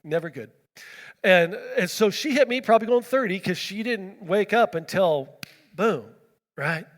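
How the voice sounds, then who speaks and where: A man preaching a sermon, telling a personal story in a chatty, animated way, full of fillers and acted-out quotes. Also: high voice, unhurried, big-room sound. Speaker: pastor.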